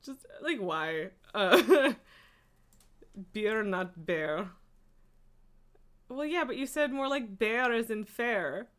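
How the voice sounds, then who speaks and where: Her voice is a little high, expressive and a bit bright, with drawn-out words and long pauses, as this woman streamer chats casually with viewers. She rambles off on tangents with frequent laughter, fillers and swearing.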